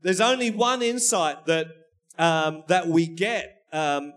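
A male pastor preaching a sermon, telling family stories in an animated, laughing way. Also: a little high, takes it slowly. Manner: storytelling, animated, laughing at his own anecdotes.

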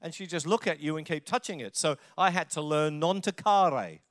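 A man's voice: fairly high pitch, fairly even intonation, a little fast, fairly bright tone. A middle-aged man with an Australian accent, preaching a conversational sermon and telling stories with jokes along the way. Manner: chatty, joking storyteller. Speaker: pastor.

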